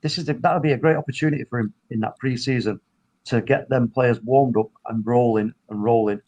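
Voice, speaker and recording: Husky-voiced man talking football. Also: mid-range voice, fairly quick, low-quality recording. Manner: animated, rambling, with restarts and self-interruptions. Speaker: football podcast host. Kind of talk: casual football chat.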